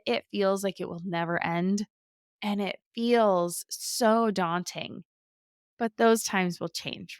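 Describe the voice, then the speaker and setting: A woman's voice: medium pitch, no echo, studio quality. A woman in her thirties hosting a podcast interview, enthusiastic and chatty, often tagging her points with "right?". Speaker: podcast host. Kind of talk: casual interview chat.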